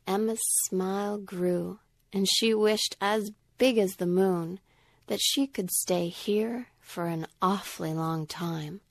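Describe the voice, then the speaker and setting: A woman telling a rhyming story in a gentle, sing-song way. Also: medium pitch, slow pace, no echo.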